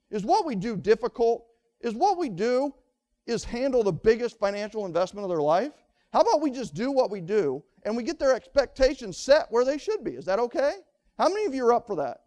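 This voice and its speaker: Man, high voice, energetic seminar speaker, punchy repeated phrases, quizzes the crowd. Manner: energetic, fires rhetorical questions at the audience. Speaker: motivational speaker at a real estate seminar. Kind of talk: live seminar talk to an audience.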